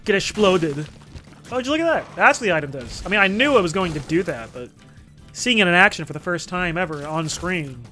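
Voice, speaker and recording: A young man with a high, bright voice narrates his gameplay in a jokey, rambling way. He swears freely, jumps between mock threats and self-mockery, and bursts into sudden shouts. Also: lively intonation, brisk, soft background music. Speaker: gaming commentator. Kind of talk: let's play commentary.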